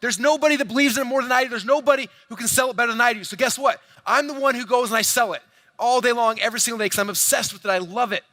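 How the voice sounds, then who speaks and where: Energetic male convention keynote speaker in his 40s, rapid pitch-heavy delivery, high-pitched and punchy. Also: no room sound. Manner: fast, hyped, addresses crowd directly, acts out quoted dialogue. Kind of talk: energetic stage presentation. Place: large convention hall stage.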